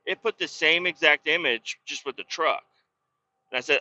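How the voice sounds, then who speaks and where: A man hosts a podcast and tells his story in a loose, rambling way, with a lot of swearing. His voice is very bright and cutting. The recording sounds dull and lo-fi. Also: on the high side, moderate pace. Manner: profane, storytelling, worked-up. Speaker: podcast host. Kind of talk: casual rambling monologue.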